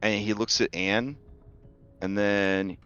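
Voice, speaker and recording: Slow, low-voiced man narrating a game. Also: steady tone, fairly bright tone, clean tone, lo-fi sound, faint music behind. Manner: slow, halting narration with many fillers. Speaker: game master. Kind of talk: narrating a tabletop game and voicing characters.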